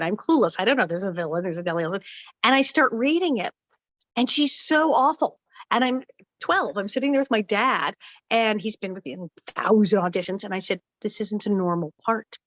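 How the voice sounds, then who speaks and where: A middle-aged woman telling stories as a guest in a casual interview, animated and acting out the voices she quotes. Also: a little high, dry recording, low-quality recording. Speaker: guest actress.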